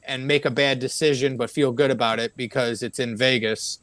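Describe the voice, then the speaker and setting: A man's voice: mid-range voice, fairly quick, no room sound. A man in casual chat, telling rowdy stories with lots of swearing and acted-out quotes. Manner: animated, profane storyteller acting out quotes.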